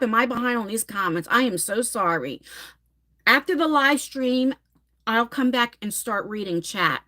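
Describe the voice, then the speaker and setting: Woman, forties, animated, dramatic, swears casually, chatting with her viewers. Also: a little high. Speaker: livestream host. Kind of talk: casual live-stream chat reading comments.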